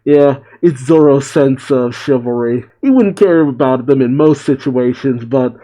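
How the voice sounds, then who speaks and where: Male comic reaction host, mellow voice, casual narration. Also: medium pitch, measured pace. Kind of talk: reading a comic aloud with commentary.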